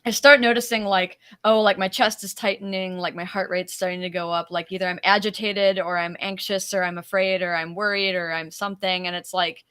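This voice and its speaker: A woman speaker with vocal fry, chatting casually and filling her talk with likes, over a remote video call. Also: mid-range voice, fairly quick, few pauses. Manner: relaxed, filler-heavy, says like a lot. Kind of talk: casual chat.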